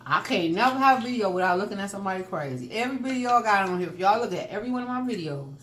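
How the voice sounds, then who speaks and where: A woman's voice: mid-range voice, animated, rapid-fire, fairly bright tone. A woman in her sixties chatting and teasing her viewers during a casual eating show, filmed on a phone at home. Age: 60s. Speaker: mukbang vlogger. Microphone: phone camera. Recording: echoey room.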